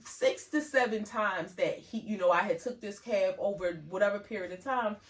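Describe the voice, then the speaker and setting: A woman's voice: mid-range voice, moderate pace, far from the mic. A woman co-hosting a podcast, talking candidly in casual chat with lots of fillers. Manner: candid, chatty, many fillers. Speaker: podcast co-host.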